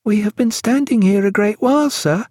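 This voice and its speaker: A man's voice: high voice, moderate pace, darkish tone, no room sound, clean studio sound, voice pushed up. A man voicing a pert young girl who speaks in quaint, old-fashioned English in an audiobook.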